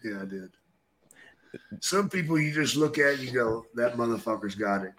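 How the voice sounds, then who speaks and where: A man's voice: medium pitch, normal speed, fairly bright tone, a little hiss or hum, rough recording. An older man, retired wrestler and podcast host, speaking bluntly and tersely with profanity. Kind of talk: casual chat.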